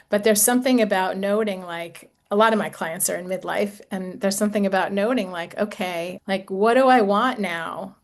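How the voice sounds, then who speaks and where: A woman in her sixties, an intimacy coach talking gently and reflectively to a group, with casual fillers. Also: mid-range voice. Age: 60s. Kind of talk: talk to a group.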